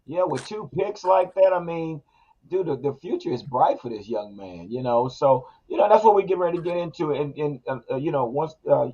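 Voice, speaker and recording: A man's voice: a little high, expressive, brisk, warm tone, slightly rough, dull audio. A man hosting a casual podcast chat, laid-back and agreeable. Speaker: podcast host.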